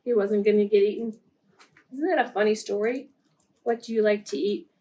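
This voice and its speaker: A woman reading picture books aloud for preschool story time, gently pausing to ask the children questions. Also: mid-range voice, slight background noise.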